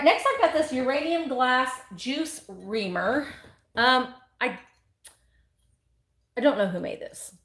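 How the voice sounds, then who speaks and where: A woman's voice: on the high side, fairly bright tone. Chatty woman auctioneer. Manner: chatty and rambling, reads viewer comments aloud. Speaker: live sale host. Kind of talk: casual live-stream auction chat.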